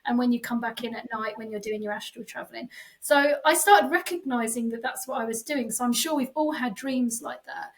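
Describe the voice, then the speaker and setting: A woman psychic medium with a slightly high voice tells a spooky personal story at a brisk pace in a casual podcast chat. She's animated and full of fillers, acting out the voices she quotes, and the rough recording sounds like a distant mic.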